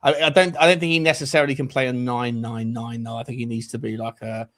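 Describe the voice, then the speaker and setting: A man in a casual football chat, blunt and sweary, with quick banter. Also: mid-range voice, flat delivery, a bit bright.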